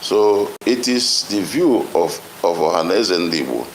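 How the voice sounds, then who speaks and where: Man, low voice, measured formal guest, faint background ambience. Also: lively intonation, a little hiss or hum, low-quality recording. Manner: measured, stumbles over words. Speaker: guest speaker on a call. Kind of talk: formal statement.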